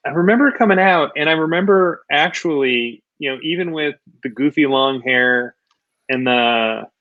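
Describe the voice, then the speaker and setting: A man's voice: fairly high pitch, fairly bright tone, no room sound, muffled recording. Dry-sounding male host, chatty. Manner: enthusiastic, opinionated movie talk. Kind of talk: casual chat.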